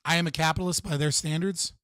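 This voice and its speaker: Brief: male streamer, higher voice, dry sound, swears and rants through casual reaction commentary. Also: fairly even intonation, fast talker, a bit bright, no room sound. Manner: profane, ranting, talks to chat.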